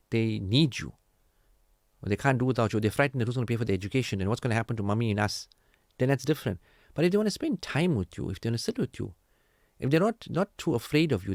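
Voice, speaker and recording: A man hosting a radio marriage counselling talk, animated and preachy, acting out quoted family dialogue. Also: medium pitch, no echo, clean studio sound. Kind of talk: casual radio advice talk.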